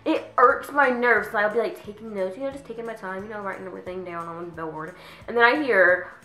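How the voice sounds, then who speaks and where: A teenage girl venting about her pet peeves in a casual vlog, chatty, with lots of "like", sometimes mimicking people in a higher voice. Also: fairly quick, sharp tone, roomy sound, poor audio. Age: teens. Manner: chatty, says "like" constantly, acts out quoted people in a higher voice. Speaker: vlogger.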